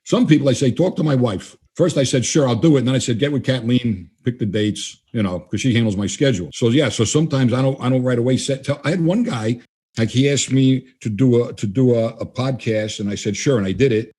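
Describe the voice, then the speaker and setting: Blunt, fast-talking man, husky voice. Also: mid-range voice, mellow. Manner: blunt, emphatic, acts out dialogue. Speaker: guest trainer. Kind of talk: casual interview talk.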